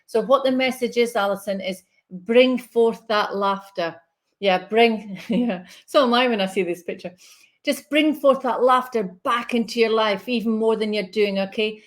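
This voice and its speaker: A woman's voice: a little high, moderate pace. Woman, spiritual medium, soothing live reading, reassuring check-ins.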